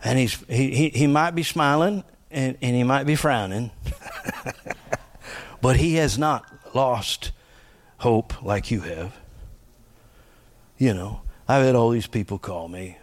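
A man preaching a conversational sermon in a folksy, joking way, laughing often and swinging from quiet asides to loud punchlines. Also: mid-range voice, animated, takes it slowly, long pauses.

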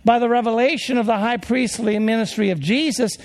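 A man preaching a sermon as a pastor, in an earnest, slow delivery full of rhetorical questions. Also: very high voice. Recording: long hall reverb.

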